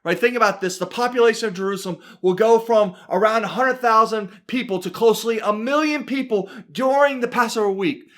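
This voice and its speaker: A man's voice: high-pitched, fairly quick, few pauses. A man teaching a Bible study from the pulpit, reading scripture with dramatic emphasis and constantly checking in with "right?". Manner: animated, keeps adding "right?", reads scripture with dramatic emphasis. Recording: church broadcast.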